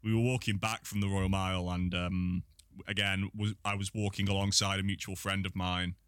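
A man with a very low voice and a bright, forceful edge chats easily, with fillers between his thoughts. His sound is dry and close. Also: flat delivery, normal speed, clear, resonant tone, no room sound. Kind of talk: casual chat.

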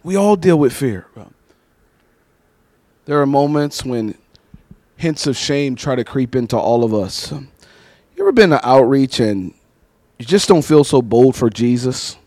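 This sermon comes from a man with a mid-range voice who speaks without hurry. He tells stories in an animated way, performing the voices of their characters, and the audio has no echo.

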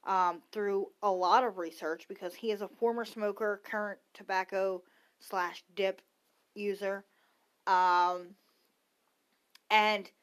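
A woman in her thirties hosting her own podcast, ranting casually and bluntly, swearing freely and wandering off into asides. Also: medium pitch. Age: 30s. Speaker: podcast host. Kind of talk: casual opinion rant.

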